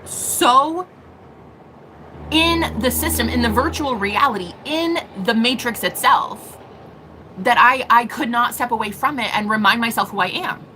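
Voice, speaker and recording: A woman speaking as a spiritual reader in a casual vlog monologue, profane and dramatic, laughing often and rushing in bursts. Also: fairly high pitch, pushed and bright, slight background noise, low-quality recording.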